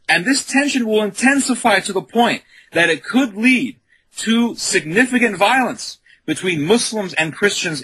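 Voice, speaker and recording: Dude on a radio interview, real raspy high voice, super insistent. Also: male voice, a bit bright, rough recording. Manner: earnest, insistent. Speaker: guest, communications director.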